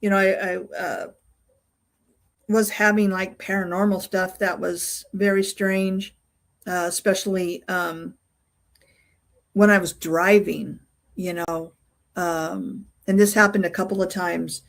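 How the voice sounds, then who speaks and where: Older woman, interview guest, casual storytelling, halting, many fillers and restarts. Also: fairly low pitch, level tone, creaky. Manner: halting, full of fillers and restarts while recounting. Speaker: interview guest, UFO investigator.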